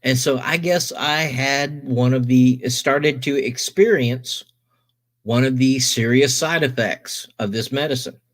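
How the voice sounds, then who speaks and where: A middle-aged man casually telling a personal story, animated, swearing and quoting others in his own voice. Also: mid-range voice, a little slow.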